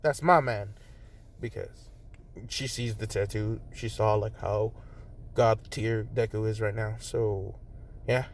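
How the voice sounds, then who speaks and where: A man's voice: on the low side, level tone, slow pace, a little mellow. A man improvising a fan story in a rambling, casual way, full of fillers, recorded on a phone.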